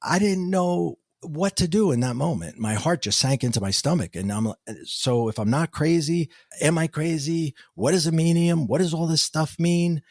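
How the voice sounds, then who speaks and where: A middle-aged man, a podcast guest, telling a personal story in an animated way and acting out the quoted dialogue. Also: a little high, normal speed, few pauses, dry recording, studio quality. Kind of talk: storytelling interview answers.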